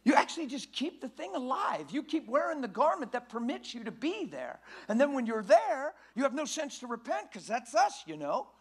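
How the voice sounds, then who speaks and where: A man preaching a sermon in a church, folksy and emphatic, often rising to a shout. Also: very high-pitched, big pitch swings, moderate pace, hardly any pauses, slightly rough.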